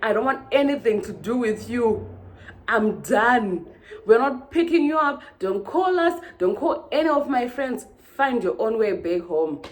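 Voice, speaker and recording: A woman voicing a rude, angry young man who brushes the group off loudly. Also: high-pitched, animated, a little slow. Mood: contemptuous. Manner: loud, dismissive.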